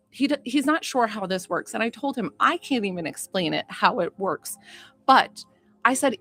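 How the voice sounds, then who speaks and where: Woman, psychic medium, livestream chat, rambling, excitable, faint music behind. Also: fairly high pitch. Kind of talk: casual livestream chat with viewers.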